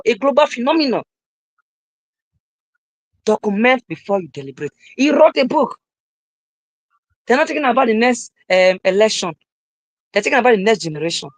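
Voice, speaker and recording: A young man delivers a live-streamed motivational talk in a dry, close voice with no room around it. He preaches emphatically, hammering the same lines again and again and now and then breaking into a shout. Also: very high voice, no echo, poor audio. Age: young adult. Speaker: motivational speaker.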